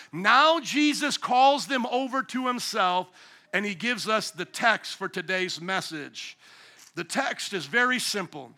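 Bright, high-voiced man in his forties preaching. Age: 40s. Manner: animated preaching, bursts of loud emphasis. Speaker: pastor. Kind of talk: sermon.

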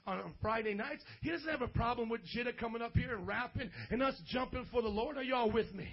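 A man preaching an energetic, slang-filled sermon at a church service, often breaking into shouts. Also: very high-pitched, gravelly, husky, muffled recording. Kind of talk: lively youth sermon.

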